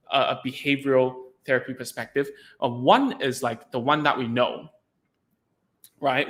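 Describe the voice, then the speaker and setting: In a casual explanatory chat, a man from Hong Kong with a bright, medium-pitched voice leans heavily on "like" and acts out sounds and reactions. He hosts a podcast and used to be an ABA therapist.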